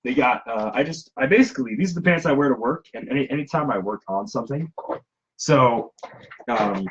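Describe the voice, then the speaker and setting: A man's voice: medium pitch, animated, a little fast, slightly rough, muffled recording. A man who makes props and cosplays, chatting casually and in a self-deprecating way. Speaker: cosplayer and prop maker. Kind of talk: casual chat.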